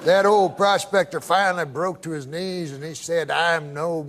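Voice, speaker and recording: A man telling a long, meandering joke as a talk-show guest, in a deadpan, drawn-out way. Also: on the high side.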